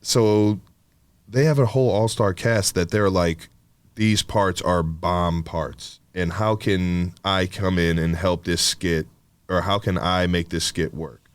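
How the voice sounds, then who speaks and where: Man, low voice, smooth and clear, rambling podcast chat, lots of swearing and fillers. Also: steady tone, slow pace, dry recording. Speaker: podcast co-host.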